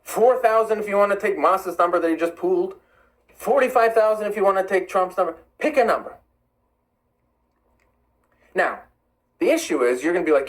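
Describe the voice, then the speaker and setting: An Iranian-American man hosts a live stream, calling out viewers by name. His voice sits slightly high and moves around a lot in pitch. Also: moderate pace, pauses often, low-quality recording. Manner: animated, conversational, addresses viewers by name. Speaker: livestream host.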